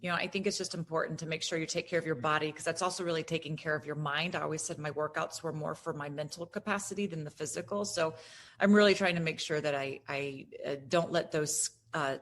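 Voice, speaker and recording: A woman from Florida, a guest on a sports podcast, talking in an animated way with lots of fillers and restarts. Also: low-pitched, a little fast, a little hiss or hum. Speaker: guest broadcaster. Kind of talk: casual podcast chat.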